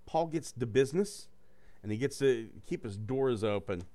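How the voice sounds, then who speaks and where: A man's voice: medium pitch, lively intonation, normal speed, warm tone. A man reading a choose-your-own-adventure book aloud to friends, with loose, joking and profane asides. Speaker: reader running a gamebook for friends.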